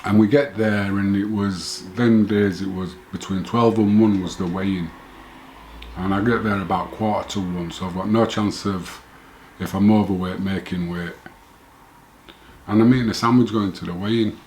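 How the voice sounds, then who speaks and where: Middle-aged guy, deepish voice, rambles and corrects himself telling old stories. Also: steady tone, normal speed, a little mellow, a little hiss or hum. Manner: rambling, self-correcting, chuckles now and then. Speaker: former boxer telling his story. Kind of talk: casual first-person storytelling.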